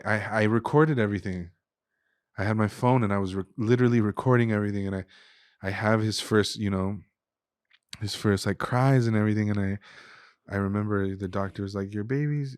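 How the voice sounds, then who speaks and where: A man's voice: on the low side, clear, resonant tone, no echo, studio quality. A young man, a chef and restaurant guest, telling an emotional personal story in a casual way, full of "dude" and "like". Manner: casual, says "dude" and "like" often.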